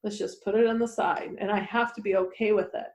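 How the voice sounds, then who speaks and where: A woman podcast host asking questions over a video call, reflective and halting. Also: medium pitch, fairly even intonation, a little mellow. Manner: reflective, halting, with fillers and restarts. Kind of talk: conversational podcast interview. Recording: echoey room.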